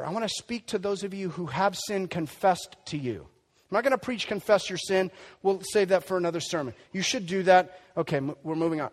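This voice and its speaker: A man preaching a sermon in an emphatic, conversational way, swinging between loud and quiet. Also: on the high side. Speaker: pastor. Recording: long hall reverb.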